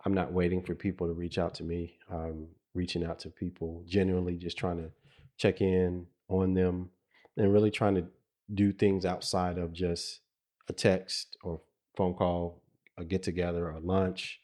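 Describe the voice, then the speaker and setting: A man's voice: low-pitched, little pitch movement, moderate pace, warm tone. A middle-aged man co-hosting a podcast, talking casually and reflectively, with frequent restarts and laughter. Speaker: podcast co-host.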